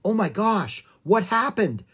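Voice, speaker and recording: Narrator doing a woman park ranger, curious, warm, storybook reading. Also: mid-range voice, big pitch swings, measured pace, husky, voice pushed up, exaggerated voice. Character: concerned adult female ranger.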